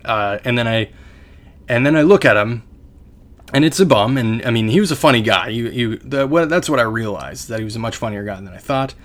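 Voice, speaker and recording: A young Canadian man co-hosts a podcast, his medium-pitched voice animated and a little fast. He tells a long story in casual fashion, rambling and self-deprecating, restarting often.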